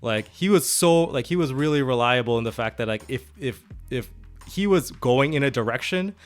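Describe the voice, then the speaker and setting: A man's voice: mid-range voice, lively intonation, normal speed. A man co-hosting a tabletop gaming podcast, rambling through his points with many fillers and restarts. He laughs often as he talks, and faint music plays behind him. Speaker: podcast co-host. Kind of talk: casual chat about tabletop role-playing.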